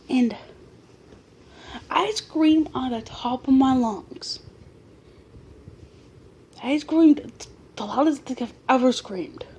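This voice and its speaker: A woman in her early twenties vlogs late at night at home, telling her camera a personal story in casual fashion. Her voice is high-pitched and husky, and she is excitable and animated, often restarting her sentences.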